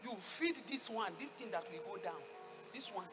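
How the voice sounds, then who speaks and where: A woman with a Nigerian accent preaching a sermon, fervent, swinging from hushed tones to shouts and calling for answers from the congregation. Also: mid-range voice, lively intonation, moderate pace, over music. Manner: call-and-response with the congregation.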